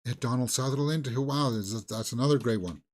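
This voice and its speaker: A man co-hosting a movie talk show, chatting casually and thinking aloud with halting restarts. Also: medium pitch. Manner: musing, halting, with fillers and restarts. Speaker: movie news co-host. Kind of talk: casual chat.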